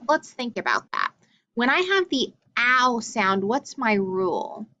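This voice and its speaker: A woman teaching a recorded phonics lesson for children, drilling letter names slowly and deliberately. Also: a little high, wildly swooping pitch, sharp tone, highs cut off, a little hiss or hum.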